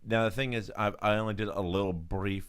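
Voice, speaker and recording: A man's voice: fairly low pitch, steady tone, fairly quick, fairly bright tone, smooth. A man co-hosting a casual chat about new game releases, joking and playful. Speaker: co-host.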